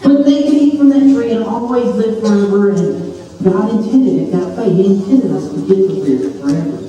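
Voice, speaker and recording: A playful man tells a children's sermon, animated and full of jokey asides. His voice sits fairly high yet mellow and soft-edged. It reaches the mic from far off, ringing through a large, reverberant hall. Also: moderate pace, a little hiss or hum. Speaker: children's camp preacher. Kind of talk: storytelling sermon for kids.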